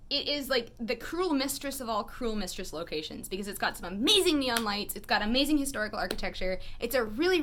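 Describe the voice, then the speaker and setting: A woman speaking straight to camera in a casual storytelling vlog, her voice bright and clear at a middle pitch. She is animated and wry, with a chatty flow full of "like" fillers. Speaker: photographer and vlogger.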